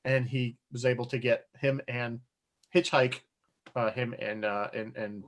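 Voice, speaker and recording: Man, podcast co-host, loose rambling storyteller, quick to laugh. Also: medium pitch. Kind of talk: casual chat.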